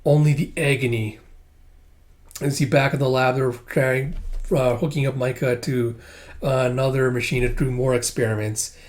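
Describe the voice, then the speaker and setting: A man's voice: mid-range voice, little pitch movement, moderate pace. A man casually recapping a comic book, loose and chatty, with filler words and restarts.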